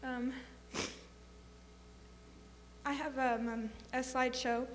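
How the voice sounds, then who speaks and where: Woman, kinda high, flat delivery, reads a letter, reverby hall. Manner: quick asides with fillers, then reads aloud. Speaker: friend reading a memorial letter. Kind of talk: memorial speech and letter reading. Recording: echoey hall with faint hum.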